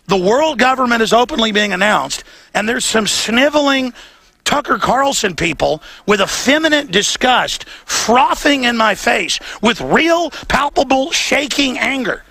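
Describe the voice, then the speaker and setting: Male talk-radio host, gravelly high voice, heated and emphatic rant. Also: expressive, sharp tone, dry recording. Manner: fast, heated and emphatic, mocking his critics. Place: outdoors at a protest.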